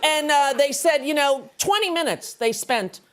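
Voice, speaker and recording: A woman from the United States, guesting on a talk show and telling animated, quick comic stories with frequent laughter. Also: high voice. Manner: animated storytelling, laughing often, fast asides. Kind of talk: casual comedic chat. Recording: live studio audience and noise.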